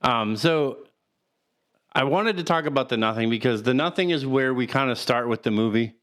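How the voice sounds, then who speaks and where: Male podcast co-host, smooth voice, halting casual film talk. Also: mid-range voice, expressive, a bit bright. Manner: rambling, halting, laughs through sad moments.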